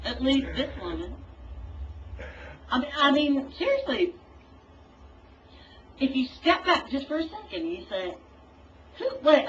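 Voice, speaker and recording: Brief: swearing, lecturing woman, animated, higher voice, distant and muffled over voice chat. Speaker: voice chat participant. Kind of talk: profane angry rant. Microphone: computer mic in voice chat. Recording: distant, dull lo-fi voice chat audio with faint hiss.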